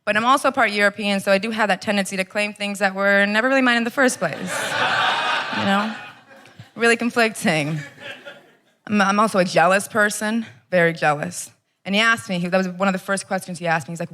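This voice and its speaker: Young American female stand-up, crisp bright tone, brash crowd work. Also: mid-range voice, a little fast, slight background noise. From Los Angeles area, US. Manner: brash, swearing, crowd-teasing. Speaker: stand-up comedian. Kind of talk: stand-up comedy set. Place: comedy club stage with live audience.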